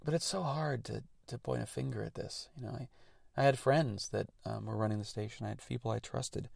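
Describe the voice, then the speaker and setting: A man's voice: medium pitch, brisk, vocal fry, a little mellow, no echo, clean studio sound. A man hosting a radio show, talking through technical details and his thoughts in an earnest, reflective monologue.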